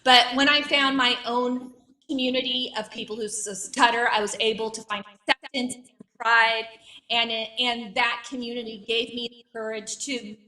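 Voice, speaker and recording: A woman's voice: fairly high pitch, little pitch movement, normal speed, pushed and bright, distant mic. A woman in her late thirties with a stutter, doing a wry, self-mocking stand-up comedy set. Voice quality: stutters, with repeated sounds and blocks.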